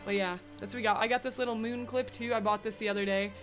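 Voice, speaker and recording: A woman's voice: a little high, steady tone, fast, faint music behind. A young woman streamer, bubbly and chatty with lots of "like" fillers, talking casually to her live chat from a room at home. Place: home room with a bright window.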